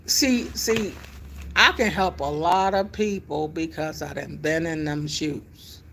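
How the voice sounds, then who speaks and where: A middle-aged woman, telling a personal story in a casual, animated way with emphatic exclamations. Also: deep voice, slow pace, a little hiss or hum. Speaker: vlogger telling her life story.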